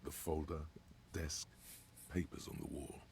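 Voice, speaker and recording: A man putting on a very deep mocking inner voice. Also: level tone, measured pace, gravelly, darkish tone, slight background noise, heavily acted. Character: sardonic male inner voice narrating thoughts. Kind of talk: game narration read aloud on stream.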